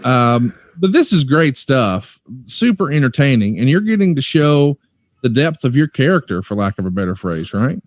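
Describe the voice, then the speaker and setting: A man's voice: medium pitch, very animated, normal speed, no room sound. Man interviewing, dry close sound. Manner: reads out old promo lines, chatty. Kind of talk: conversational interview.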